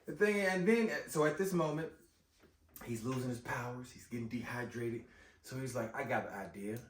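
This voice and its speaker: A man recapping a movie in casual chat, animated and slangy, often exclaiming. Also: medium pitch, normal speed. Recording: roomy echo, distant mic.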